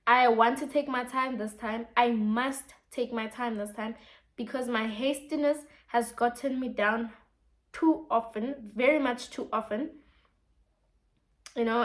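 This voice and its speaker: A woman's voice: on the high side, a bit bright. A woman explaining a poem in a casual lesson, reading lines aloud and asking rhetorical questions.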